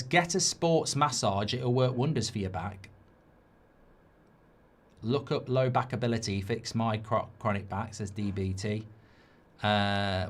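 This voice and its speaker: A man's voice: mid-range voice, fairly bright tone. A middle-aged man hosting a live football watchalong, ranting and swearing, mocking people in whiny voices and reading chat messages aloud.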